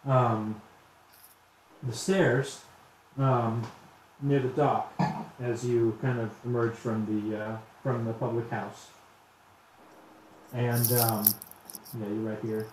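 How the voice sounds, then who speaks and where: A man narrating as game master in an easy, halting way, filling his pauses with ums and uhs. His voice sits in the middle range and bounces around a very echoey room with a faint hum behind it. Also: mid-range voice, flat delivery, darkish tone. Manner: loose, halting narration with many fillers.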